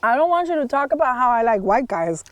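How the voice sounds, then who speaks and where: A woman's voice: sits high, sing-song, fast talker, dry recording. A young woman chatting casually as a podcast guest outdoors, blunt and chatty and swearing freely. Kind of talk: casual chat. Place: outdoors on a trail.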